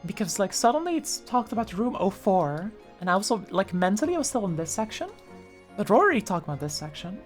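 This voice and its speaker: A woman streamer chats casually in a mid-pitched voice, pausing and restarting as she goes. She reads chat aloud and fills gaps with little fillers. Faint music plays behind her. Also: big pitch swings. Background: faint background music.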